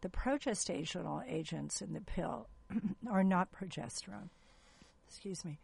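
A woman gynecologist speaks as an interview guest, explaining in an earnest way. Her voice is low and very gravelly, with a husky edge. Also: unhurried, darkish tone.

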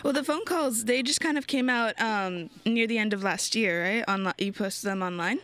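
A woman's voice: a little high, moderate pace, a bit bright, dry recording. A woman interviewing a guest, asking questions in a curious, easygoing way. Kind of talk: casual interview chat.

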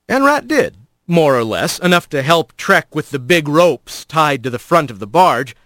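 A man reading a storybook aloud as narrator, in an expressive, animated way. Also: a little high, moderate pace, dry recording.

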